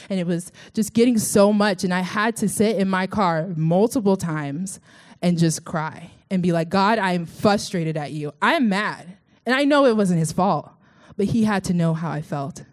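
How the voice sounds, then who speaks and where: A woman's voice: lowish voice, darkish tone. A young woman from Texas telling her personal faith story in an earnest, chatty way, with many fillers. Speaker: vlogger.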